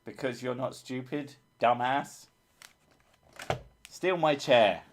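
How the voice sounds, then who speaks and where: A man's voice: medium pitch, slow pace. A man hosting a casual live stream, reading chat with dry, sweary teasing.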